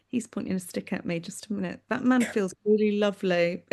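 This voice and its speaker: Gentle woman giving a mediumship reading. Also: mid-range voice, normal speed, gravelly. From United Kingdom. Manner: gentle, affectionate, often says "my darling" and "that's what I'm aware of". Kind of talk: live online mediumship reading. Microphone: video call.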